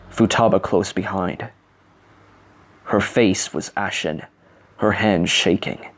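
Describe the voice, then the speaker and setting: A man reading fan fiction aloud, breaking off for dry, sarcastic asides. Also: lowish voice. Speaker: reader.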